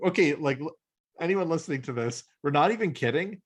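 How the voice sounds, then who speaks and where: A man's voice: fairly high pitch, lively intonation, a little fast. A man co-hosting a comic book podcast, chatting casually, laughing often and acting out characters in silly voices. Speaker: podcast co-host. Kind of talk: casual comic review chat.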